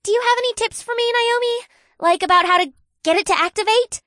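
A woman's voice: very high voice, brisk, a bit bright, no room sound, clean studio sound. A woman playing an eager, curious young woman scientist in an audiobook, asking question after question. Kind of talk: audiobook character voice.

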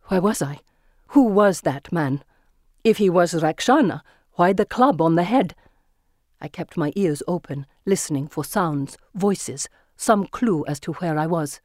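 Measured, vivid first-person audiobook reader; close, dry studio sound. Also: medium pitch, expressive, darkish tone, dry recording. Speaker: audiobook narrator. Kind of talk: first-person scripted narration.

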